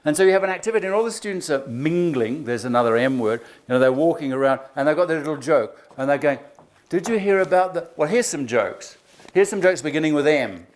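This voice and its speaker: Joking male teacher trainer, lively talk. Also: a little high. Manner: chatty, joking, acts out kids' jokes in quick voices. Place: lecture hall.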